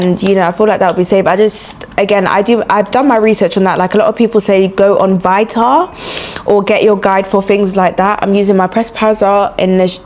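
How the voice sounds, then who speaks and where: A woman's voice: medium pitch, darkish tone, a little hiss or hum. Chatty young London woman doing her makeup. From London, England. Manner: chatty and frank, full of "like" and "you know" fillers. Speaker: beauty and travel vlogger. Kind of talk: get-ready-with-me casual chat. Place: indoors while travelling.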